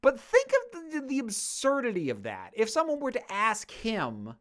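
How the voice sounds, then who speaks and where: A woman's voice: a little high, huge pitch swings, moderate pace. A woman answering viewer questions in a casual monologue, speaking passionately, getting worked up and swearing freely.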